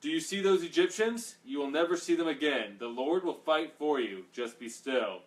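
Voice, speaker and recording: A man's voice: fairly high pitch, animated, normal speed, pitched above the performer's own voice, lightly acted. A man reading Moses' reassuring words to the people, in a plain, raised reading voice. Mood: emphatic. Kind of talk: scripture read aloud. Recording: distant mic, faint background noise.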